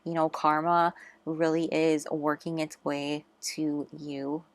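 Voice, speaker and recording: A woman's voice: sits low, little pitch movement, takes it slowly, no room sound. A woman giving a casual, chatty tarot reading, earnest and encouraging, with lots of fillers. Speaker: tarot reader.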